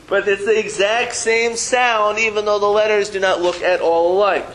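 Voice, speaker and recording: A man's voice: high voice, steady tone, moderate pace, fairly bright tone, slight background noise, rough recording. A man teaching a Hebrew reading lesson to a class, patiently sounding out syllables and teasing his students playfully.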